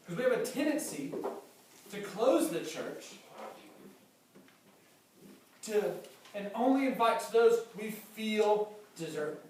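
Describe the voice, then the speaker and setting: A man's voice: sits high, slight background noise. A man preaching a sermon as pastor, emphatic and repeating his key phrases. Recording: very echoey hall, mic far off.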